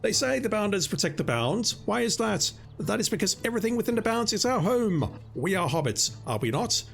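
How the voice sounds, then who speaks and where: A hoarse man voicing an earnest young male hobbit who rallies a crowd with lofty speeches. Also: on the high side, very animated, quick pace, soft background music, pitched above the performer's own voice. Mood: rousing.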